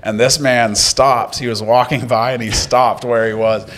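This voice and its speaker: A man's voice: medium pitch, steady tone, unhurried, fairly bright tone. A man, a stand-up comedian telling wry stories and crude jokes in casual podcast chat.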